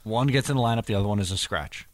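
A man's voice: lowish voice, racing, no echo. A man co-hosting a casual hockey podcast, blunt and opinionated. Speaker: podcast co-host.

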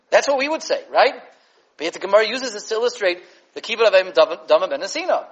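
A man teaches a Torah lesson at a quick clip, his fairly high voice leaping in pitch as he acts out the scenes. The recording sounds dull and lo-fi. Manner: animated, with many fillers and restarts. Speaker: rabbi teaching a class.

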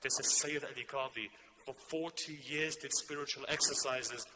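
A man preaching a sermon, telling a story whose quieter passages drop low and soft. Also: fairly even intonation, moderate pace, noisy background.

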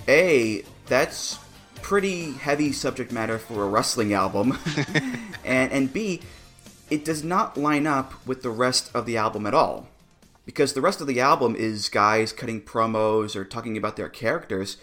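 A man's voice: medium pitch, animated, normal speed, fairly bright tone, soft background music. A man co-hosting a podcast, chatting casually and with amusement, laughing often and restarting his sentences. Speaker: podcast co-host. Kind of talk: casual review chat.

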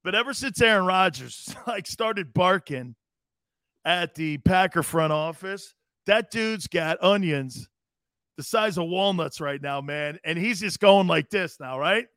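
A middle-aged man from Connecticut hosting a sports radio show, loud and rambling, laughing and doing voices for his stories. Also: high-pitched, a little slow, no room sound, studio quality. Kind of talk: animated sports talk.

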